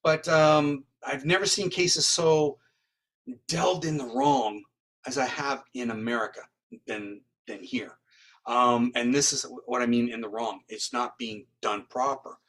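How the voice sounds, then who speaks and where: A man from Canada, a guest in an interview, telling a long story in a rambling, animated way and acting out what others said. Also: medium pitch, a little slow. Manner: rambling, acts out quoted dialogue.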